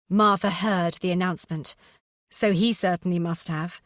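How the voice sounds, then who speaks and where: A woman's voice: fairly low pitch, normal speed, no room sound. Woman reading a novel, dry close sound. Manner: steady, expressive storytelling. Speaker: audiobook narrator. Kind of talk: scripted narration.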